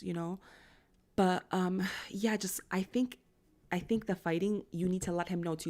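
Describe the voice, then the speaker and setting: Young woman, casual reader, rambles with fillers, low warm tone. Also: steady tone, unhurried, long pauses. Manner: rambling, chatty, full of "like" and "you know". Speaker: tarot and astrology reader. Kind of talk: casual collective reading.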